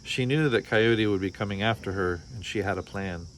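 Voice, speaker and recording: Guy reading a kids picture book out loud, lowish voice, faint crickets in the back. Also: normal speed, slight background noise. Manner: expressive storytelling. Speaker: storybook reader.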